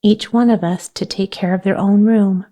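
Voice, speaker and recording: A woman voicing a bossy, practical young girl who takes charge, speaking briskly and with emphasis in a storybook reading. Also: mid-range voice, steady tone, mellow, natural voice. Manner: brisk, emphatic, a little scornful.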